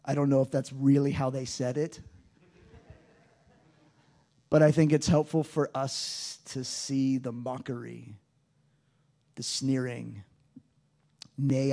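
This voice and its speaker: A man's voice: medium pitch, vocal fry, mellow. A man preaching a sermon, reading scripture aloud and acting out the mocking voices with drama. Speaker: pastor.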